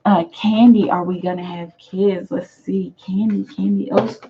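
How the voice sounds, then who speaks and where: A woman's voice: medium pitch, steady tone, unhurried, phone-quality sound, background noise. An American woman giving chatty live tarot readings, reading viewer comments aloud and laughing often. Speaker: tarot reader.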